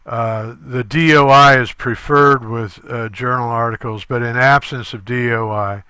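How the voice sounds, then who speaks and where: A male instructor talking through a screen-recorded tutorial step by step, halting often with fillers. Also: medium pitch, fairly even intonation, sharp tone, clear, resonant tone, dry recording.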